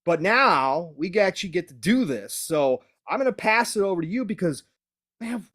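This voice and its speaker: A man's voice: high-pitched, big pitch swings, normal speed, a bit bright. A man hosting a live podcast, upbeat, greeting viewers and laughing easily. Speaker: podcast host. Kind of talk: live-stream podcast chat.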